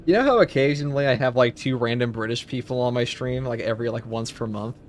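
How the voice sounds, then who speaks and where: During a live stream, a man with a medium-pitched voice talks fast over his game, jokey and rambling with plenty of filler. There's a faint hum behind him.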